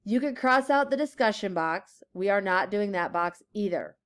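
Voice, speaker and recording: A woman teacher giving a classroom grammar lesson, slowly stressing key words and reading example sentences aloud. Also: medium pitch, lively intonation.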